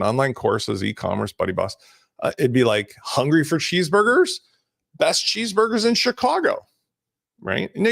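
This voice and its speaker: A middle-aged man hosting a live business webinar in a casual, energetic way, jumping between examples as he shares his screen. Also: medium pitch, creaky, dry recording, clean studio sound.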